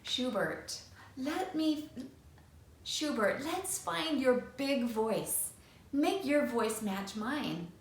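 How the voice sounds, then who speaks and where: A woman voicing a gentle female butterfly teacher who speaks slowly, soothingly and firmly. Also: sits high, lively intonation, far from the mic, full character voice. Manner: soothing, slow and firm. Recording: echoey room.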